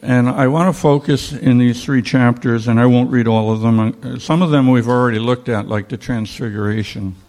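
A man teaching a Bible study in a slow, reflective way, pausing with fillers as he reads and explains scripture. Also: medium pitch, fairly even intonation, darkish tone.

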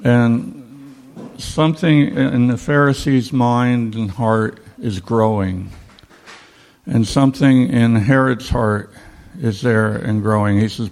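A man teaching a Bible study in a slow, reflective way, pausing with fillers as he reads and explains scripture. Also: mid-range voice, steady tone, darkish tone.

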